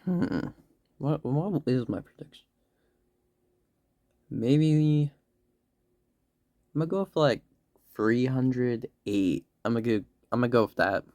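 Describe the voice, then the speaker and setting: Slow, laid-back man reacting. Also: medium pitch, a little mellow, no echo. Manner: laid-back, musing, drawn-out. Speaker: reaction video host. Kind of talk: casual reaction commentary.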